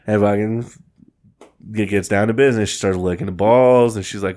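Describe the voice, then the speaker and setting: A man's voice: lowish voice, steady tone, normal speed, a little mellow. A man telling a rambling, profanity-laced story in casual podcast chat.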